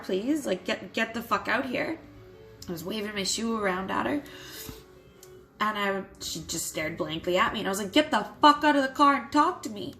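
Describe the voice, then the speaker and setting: A young adult woman telling a personal story to camera in a vlog, candid and quick to swear, with nervous little laughs. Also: mid-range voice, a bit bright, rough recording. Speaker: vlogger.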